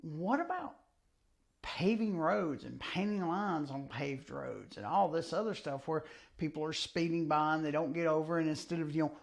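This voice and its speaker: A man co-hosting a podcast in casual chat, joking around and throwing in quick asides. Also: fairly high pitch, lively intonation, gravelly. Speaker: podcast co-host.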